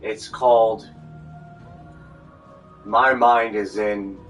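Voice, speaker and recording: A man's voice: on the low side, steady tone, extremely slow, a bit bright. A man talking in a meandering monologue, full of fillers and restarts. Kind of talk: rambling monologue. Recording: distant mic with faint music.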